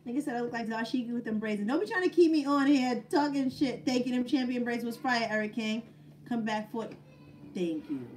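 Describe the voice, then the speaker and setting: A woman's voice: fairly high pitch, lively intonation, brisk, a little mellow, distant mic, a little hiss or hum. A woman battle rapper answering viewer questions in a casual live chat, blunt and swearing freely, often laughing.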